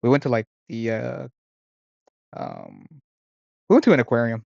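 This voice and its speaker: A young man in casual chat as a podcast co-host, telling a memory haltingly with many fillers. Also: mid-range voice, huge pitch swings, gravelly, darkish tone, no room sound. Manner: hesitant, full of fillers and restarts. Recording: dry, dull lo-fi sound.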